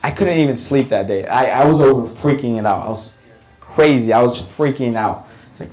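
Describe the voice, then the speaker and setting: A man doing stand-up on a comedy club stage, his story rambling along with many fillers and restarts. His voice sits at an ordinary middle pitch and keeps up a lively delivery. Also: normal speed, low-quality recording.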